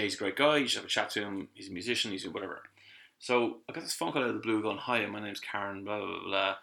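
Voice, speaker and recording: A man's voice: on the low side, vocal fry, bright, forceful tone. A middle-aged Irish man, a guest who is a voice actor and musician, telling a story in a casual podcast chat and acting out the people he quotes.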